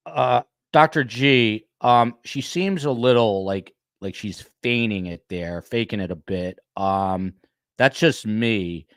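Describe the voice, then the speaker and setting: A man's voice: on the low side, slow, no echo, studio quality. A man hosting a podcast panel, casual and full of fillers as he plays clips. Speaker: podcast host.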